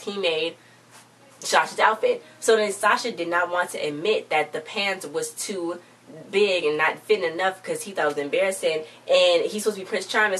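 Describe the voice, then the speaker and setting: A woman's voice: on the low side, fairly bright tone, far from the mic, slight background noise. A woman chattily recapping a TV episode in a casual vlog, acting out the characters' lines as she retells them. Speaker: TV show recap vlogger.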